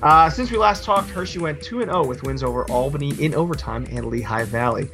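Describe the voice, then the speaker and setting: Dry, deadpan male podcast co-host. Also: a little high, fairly quick, music in the background. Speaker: podcast co-host giving hockey news. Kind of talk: reading sports results and news.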